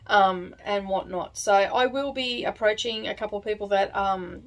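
Woman vlog host, middle-aged, casual rambling chat with lots of fillers, medium pitch. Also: steady tone, moderate pace. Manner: rambling, chatty, many fillers and asides.

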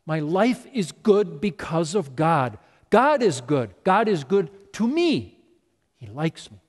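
A man voicing a healed leper man who cries out his joy loudly. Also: on the high side, expressive, unhurried. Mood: exultant. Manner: loud, exultant outbursts. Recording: long reverb of a large hall.

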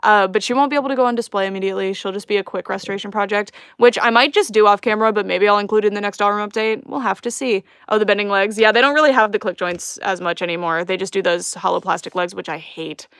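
A woman's voice: medium pitch, steady tone, quick pace, hardly any pauses, a bit bright, clear, resonant tone, dry recording. Chatty, giggly young woman, dry sound. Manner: chatty, giggly, rambling with fillers. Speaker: doll collector livestreaming an unboxing. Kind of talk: casual live-stream chat. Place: home room.

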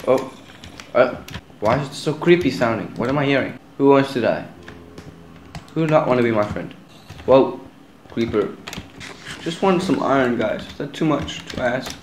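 A young man commentates his own gameplay in a loose, chatty way and keeps calling out to the guys watching. His voice sits at a middle pitch. It carries a roomy echo, and faint keyboard clicks run underneath. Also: expressive, moderate pace, long pauses, a little hiss or hum. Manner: chatty, talks to viewers as guys. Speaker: gaming channel host. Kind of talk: casual game commentary.

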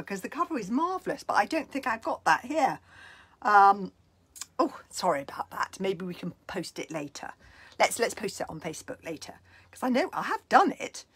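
Very breathy woman reading aloud dramatically. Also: medium pitch. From London, England. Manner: dramatic, swings from loud to whispered. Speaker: children's author. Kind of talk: reading aloud and answering questions. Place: home, indoors. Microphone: video call.

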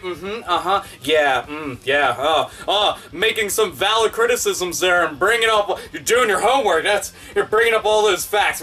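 High-voiced, profane ranting man. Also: pushed and bright, recorded from a distance. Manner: profane, sarcastic, exasperated. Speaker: online commentator. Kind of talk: ranting commentary.

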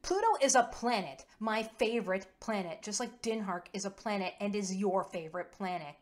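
A woman playing Quinn, a weary but excitable young woman. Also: medium pitch, measured pace. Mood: excited.

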